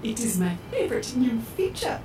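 Smug sarcastic robot. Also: female voice, a little high, sing-song, moderate pace, roomy sound, recorded from a distance, over music. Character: sarcastic female robot, vain and scheming. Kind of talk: audio drama acting.

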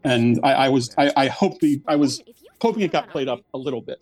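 A man's voice: medium pitch, darkish tone, faint music behind. A man from Philadelphia with a faint, mostly suppressed Philly accent, chatting casually on a panel and restarting his sentences often. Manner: halting, many restarts.

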